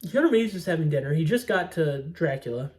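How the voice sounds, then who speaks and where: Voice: mid-range voice, lively intonation, fairly quick, a little mellow, far from the mic. A young adult movie reviewer chatting casually, rambling, swearing freely and laughing often. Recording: roomy sound, away from the mic.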